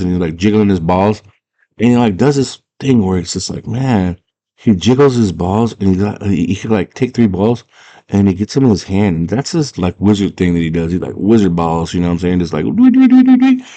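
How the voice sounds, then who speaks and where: A young man with a very low voice excitedly retells a movie, piling on slang and side comments. His delivery is loose and enthusiastic, like a casual chat with a friend.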